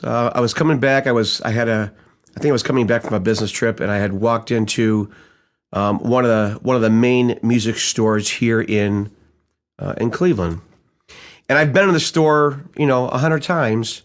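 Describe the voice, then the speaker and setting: A man teaching sales in a casual, storytelling way, acting out quoted dialogue and asking his listeners rhetorical questions. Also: medium pitch. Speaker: sales trainer. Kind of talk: conversational sales-training audiobook storytelling.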